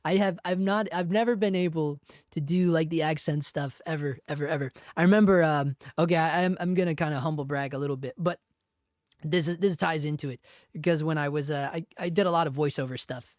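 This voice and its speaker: A man hosting a casual livestream talk show, telling stories in a chatty, self-deprecating way with quick laughs. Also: fairly high pitch, fairly even intonation, no room sound, studio quality. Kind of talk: casual live chat, storytelling.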